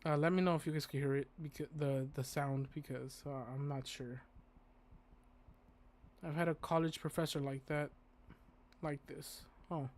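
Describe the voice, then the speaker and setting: A man streaming a visual novel, reading its text aloud haltingly and swearing often in casual commentary. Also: on the high side, steady tone. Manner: profane, stumbling through read text. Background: faint game music.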